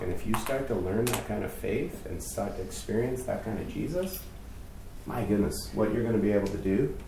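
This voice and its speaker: A youth pastor with a lowish voice and vocal fry gives a sermon full of stories, candid, chatty, and self-mocking. The mic is distant in an echoey room, with background noise.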